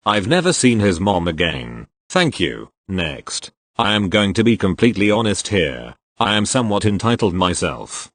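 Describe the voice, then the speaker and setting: A male narrator reading posts aloud in a matter-of-fact way and spelling out each abbreviation. His voice is fairly low but moves a lot in pitch. The recording is dry and close, with no room sound. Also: big pitch swings, normal speed, hardly any pauses, fairly bright tone, no room sound. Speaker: story reader. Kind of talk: scripted narration of online posts.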